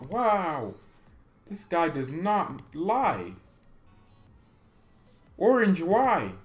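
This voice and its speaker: A man's voice: medium pitch, a bit bright. A young man hosting a livestream for a fan channel, chatting casually and reading out viewer comments, with frequent stammers and laughs. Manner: rambling, stammering, laughs often, reads chat aloud.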